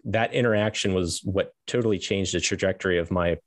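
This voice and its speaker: A man's voice: sits low, brisk, no echo. A middle-aged man, a podcast guest, telling a long personal story in a rambling way, correcting himself and chuckling as he goes. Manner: rambling, self-correcting, laughs as he tells stories.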